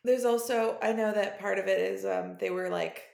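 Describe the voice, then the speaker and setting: Gravelly woman in an echoey room. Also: medium pitch, fairly even intonation, normal speed, a little mellow. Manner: hesitant, searching for words. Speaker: podcast co-host. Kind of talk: casual chat.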